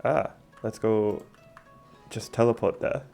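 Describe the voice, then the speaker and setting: A man's voice: lowish voice, fairly even intonation, slow, vocal fry, mellow, faint music behind. A man co-streaming a game, reading its dialogue aloud with laid-back, dry asides. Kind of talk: casual gaming chat and dialogue read-alouds.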